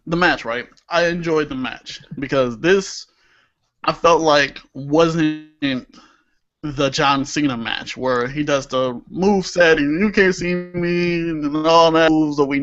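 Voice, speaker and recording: A young man with a slightly high, somewhat bright voice co-hosts a wrestling-style chat podcast, talking slowly but animatedly. He laughs easily and swears when something annoys him during the casual chat, and the audio is muffled and lo-fi.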